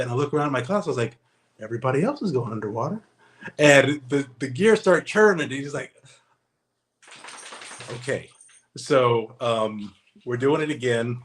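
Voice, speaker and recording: A man's voice: mid-range voice, lively intonation, moderate pace, long pauses, faint music behind, rough recording. A man guesting on an interview podcast, telling his stories in an easygoing, anecdotal way and acting out the dialogue. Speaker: guest, former Navy special operator. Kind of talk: casual interview storytelling.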